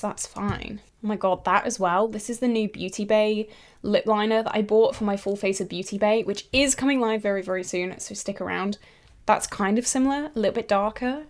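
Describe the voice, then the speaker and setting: A woman vlogger talks casually to camera about her collection. Her voice sits in a middle register. She muses aloud and breaks into excited exclamations. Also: mid-range voice. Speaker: beauty vlogger.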